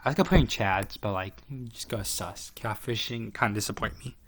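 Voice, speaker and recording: A man's voice: fairly low pitch, a little fast, slight background noise. Give me a rambling, profane guy ranking his online friends. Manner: rambling, profane, lots of fillers and restarts. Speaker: tier list commentator. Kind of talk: casual profane commentary.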